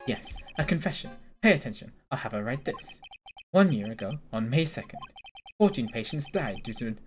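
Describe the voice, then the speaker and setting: A man's voice: medium pitch, very animated, normal speed, soft background music, natural voice. Man doing a pompous, preachy doctor. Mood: condescending. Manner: pompous, condescending. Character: pompous, self-righteous male doctor. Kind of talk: reading game dialogue aloud.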